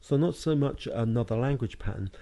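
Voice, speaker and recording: A British hypnotherapy and NLP trainer narrates a recorded lesson over slides about hypnotic language patterns. His medium-pitched, dark voice moves slowly and deliberately, using hypnotic phrasing and marking out words with tone.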